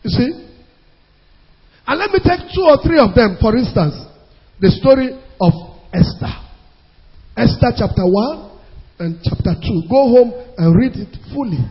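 A man preaching a sermon, emphatic, drawing out key words and rising to shouts, recorded muffled with long hall reverb. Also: extremely high pitch, very animated, unhurried, long pauses, breathy edge.

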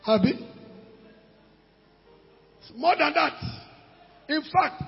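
A man with a Nigerian English accent preaching a sermon, animated, breaking into shouts and pidgin asides. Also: very high voice, unhurried, pauses often, faint music behind. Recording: dull recording in a reverberant hall.

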